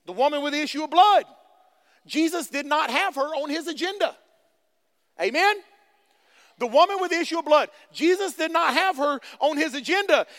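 A male preacher with a very high, bright, ringing voice, delivering a fervent sermon. He keeps calling out to the congregation, dropping low and quiet before rising to full shouts. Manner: fervent preaching with call-and-response; swings between hushed delivery and shouting. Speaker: pastor.

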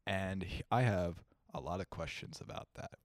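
A young man from Kentucky co-hosting a podcast in casual chat, rambling and animated, laughing often. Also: sits low, normal speed, no echo, studio quality. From Kentucky, United States. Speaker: podcast co-host.

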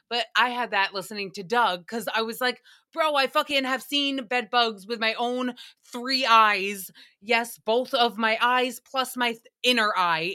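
A young woman hosting a podcast, telling a profane, animated comedic recap with frequent laughter. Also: on the high side. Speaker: podcast host. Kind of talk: casual comedic recap monologue.

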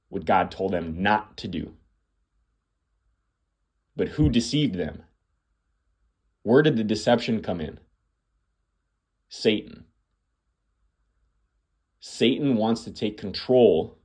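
His low voice is darkish with a breathy edge as he preaches on his podcast. The podcast host speaks earnestly in a monologue, addressing the listener as "my friend" and using emphatic, repeating phrases.

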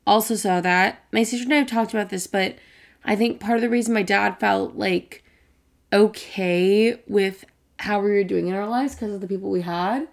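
A woman's voice: mid-range voice, vocal fry. A young woman co-hosting a podcast, chatty and teasing, a little tipsy. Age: young adult. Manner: chatty, teasing, fast-talking. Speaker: podcast co-host. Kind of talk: casual podcast chat.

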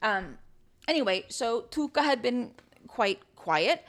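An American woman hosting a podcast, telling personal stories in a chatty, halting way with many fillers and restarts. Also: on the low side, fairly bright tone. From United States. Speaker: podcast host. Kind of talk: personal storytelling.

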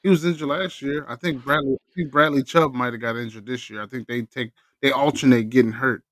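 A man co-hosting a casual sports podcast, animated and profane, teasing his co-host. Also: medium pitch, a little fast, no room sound.

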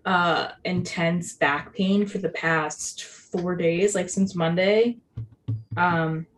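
A woman's voice: lowish voice, steady tone, takes it slowly, soft background music, poor audio. A young woman co-hosting a podcast in casual chat, chatty and giggly, with lots of "like" fillers. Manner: chatty, giggly, heavy use of "like". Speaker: podcast co-host.

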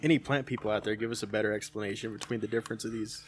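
A man's voice: lowish voice, fairly even intonation. Wisecracking man with faint hum behind. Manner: wisecracking, quick quips. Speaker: podcast co-host. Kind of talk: casual chat.

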